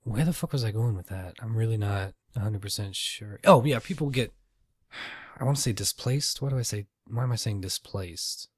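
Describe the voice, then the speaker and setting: A man's voice: lowish voice, moderate pace, slightly rough, dry recording, studio quality. A man hosting a casual solo podcast, rambling and swearing freely with self-deprecating asides. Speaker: podcast host.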